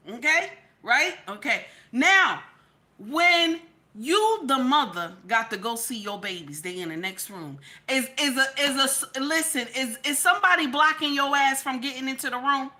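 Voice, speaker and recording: A woman doing emotional live-stream commentary, emphatic and repetitive, swinging between loud scolding and quiet, near-tearful talk. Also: high-pitched, expressive, moderate pace. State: near tears.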